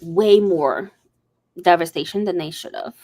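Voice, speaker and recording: A woman's voice: lowish voice, a little slow, dark tone. A woman hosting a livestream, chatting casually and rambling through a story with lots of fillers. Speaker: host. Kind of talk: casual chat.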